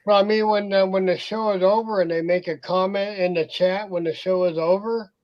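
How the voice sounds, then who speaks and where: A man's voice: high voice, fairly even intonation, brisk, highs cut off. A man hosting a casual online livestream chat, talking in a hesitant, rambling way with many restarts. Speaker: show host.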